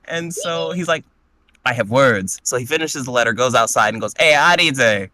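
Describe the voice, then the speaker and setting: In a clean, echo-free recording, a man with a mid-range voice and moderate pace chats about a recent tabletop game session, retelling it with animated, crude humor.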